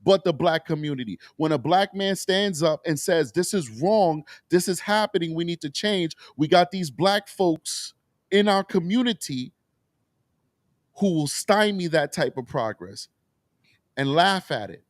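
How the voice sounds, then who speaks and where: A man's voice: fairly high pitch, expressive, measured pace, no echo, studio quality. A man hosting a political talk show, speaking with raw emotion and frequent swearing. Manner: impassioned, emotional, profane. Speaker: show host.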